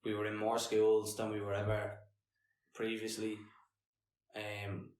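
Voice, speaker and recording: A man's voice: fairly low pitch, monotone, a little slow, darkish tone. A young Irish man co-hosting a casual podcast chat, teasing and joking with his friends. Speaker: podcast co-host, calisthenics coach. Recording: echoey room, mic at a distance.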